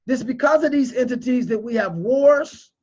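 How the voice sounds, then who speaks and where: A man's voice: very high voice, moderate pace, darkish tone, highs cut off. A man giving emotional, preachy video commentary, repeating his points with strong emphasis. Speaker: crypto commentator.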